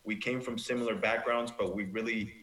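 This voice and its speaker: A Mexican-American man with a fairly low voice tells a story in an easy, amused way. The room is echoey around him. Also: steady tone, brisk, fairly bright tone. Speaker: professional baseball player, guest. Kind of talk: casual interview chat.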